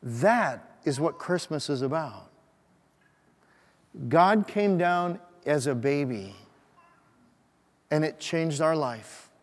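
Man preaching a sermon, slightly higher voice, emphatic with hushed drops, long church reverb. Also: lively intonation, slow, long pauses. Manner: emphatic preaching, swinging between loud and soft. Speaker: pastor. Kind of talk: Christmas sermon with a read-aloud story.

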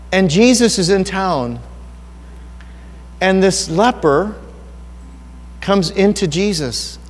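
Pastor, male, higher-pitched voice, earnest and conversational, church hall with a long echo. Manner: earnest, personal and conversational, with rhetorical questions. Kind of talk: sermon.

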